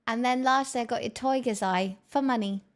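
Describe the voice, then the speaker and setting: A woman streaming from her home kitchen, talking casually to her viewers. Her voice sits a little high. She is playful and self-mocking. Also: fairly quick. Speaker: live streamer.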